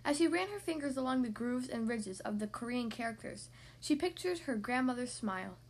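A woman hosting a podcast, reading a picture book aloud to young children in a gentle, expressive way. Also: on the high side, brisk. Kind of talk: storybook read-aloud for young kids.

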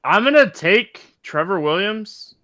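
A man hosting a casual sports podcast, relaxed and playful, with frequent ums. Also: sits high, unhurried. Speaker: podcast host.

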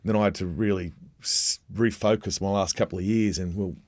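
A middle-aged Australian man speaking openly in a casual chat, halting and restarting as he talks. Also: low voice, steady tone, a little mellow, dry recording. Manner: halting, many restarts, candid. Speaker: guest, former rugby league captain.

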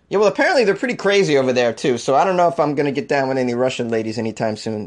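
A man's voice: medium pitch, lively intonation. A man hosting a comedy weird-news show, riffing on stories in a jokey, rambling way. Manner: jokey, rambling, quick to laugh.

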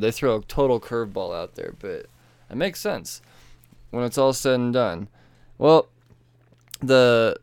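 Host: tipsy, foul-mouthed man recapping comics, smooth clear voice, dry close sound. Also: mid-range voice, dry recording. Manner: animated, profane, acts out characters in quick bursts. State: tipsy from drinking. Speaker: podcast host. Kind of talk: casual comic book recap.

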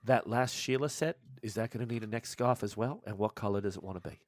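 A man's voice: lowish voice, quick pace, no room sound, pitched below the performer's own voice, lightly acted. A man voicing a fussy, chatty male shopkeeper in a tabletop game. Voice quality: eager, fussy about details.

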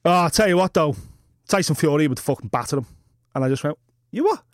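A man's voice: fairly high pitch, fast talker, no echo, clean studio sound. A man co-hosting a podcast, telling a long rambling anecdote with swearing and laughter. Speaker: podcast co-host. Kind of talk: casual storytelling chat.

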